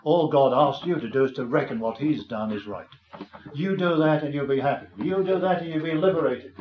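A man's voice: fairly high pitch, fairly quick. An older man preaching a sermon, earnest and tender, rising to fervent emphasis. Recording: dull, roomy, slightly noisy recording.

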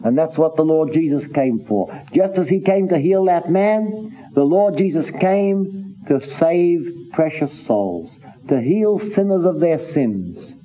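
A man preaching a sermon in an earnest, halting way, with many restarts, reading scripture in old-fashioned phrasing. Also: fairly high pitch, expressive, a little hiss or hum. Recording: tinny phone-like recording.

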